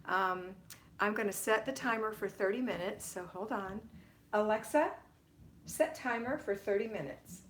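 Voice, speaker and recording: A woman's voice: medium pitch, moderate pace. Brief: middle-aged woman, home livestream host, affectionate chatty greetings, mid-range voice, faint room noise. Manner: warm, affectionate greetings to viewers by name. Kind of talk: casual live-stream chat.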